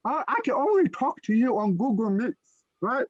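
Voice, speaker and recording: A man with the speech of a deaf person, co-hosting a casual chat and telling lively stories. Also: moderate pace, dry recording, dull audio. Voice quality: deaf speech that listeners hear as unusual. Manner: animated storyteller, swings his pitch widely. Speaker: podcast co-host.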